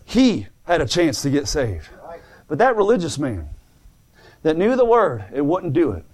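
A male preacher with a somewhat high voice, delivering a sermon in a fervent, folksy way. He tells homely stories in plain speech and swings from soft pleading to ringing calls. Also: huge pitch swings, a little slow, husky. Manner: folksy plain-spoken storytelling. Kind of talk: sermon answering written questions.

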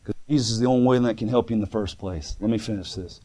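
A man preaching a sermon that answers written questions, telling folksy stories in plain speech and swinging between soft pleading and fervent calls. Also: fairly low pitch, fast talker. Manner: folksy plain-spoken storytelling.

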